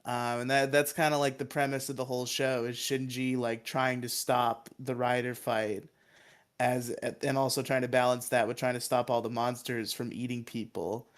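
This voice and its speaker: A podcast co-host with a mid-range voice and moderate pace eagerly retells a show's plot. He rambles casually, swears and laughs a lot, and acts out quoted lines.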